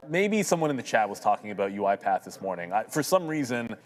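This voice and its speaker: A man's voice: fairly low pitch, very animated, brisk, slight background noise, low-quality recording. A man co-hosting a live trading show, chatty and upbeat, talking to viewers in the chat. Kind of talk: live market commentary chat.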